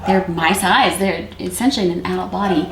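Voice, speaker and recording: A woman who works with high-risk youth, talking calmly and reflectively about parenting, with many fillers. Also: fairly quick, gravelly. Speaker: youth worker. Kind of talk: conversational discussion on parenting. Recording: echoey room with faint noise.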